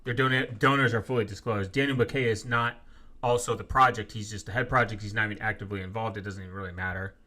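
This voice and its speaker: A man live-streaming in a casual, profane rant, reading viewer comments aloud and quickly flaring up as he rebuts them. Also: fairly low pitch, fairly even intonation, pushed and bright. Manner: profane, quick to flare up angrily. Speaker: live streamer answering chat.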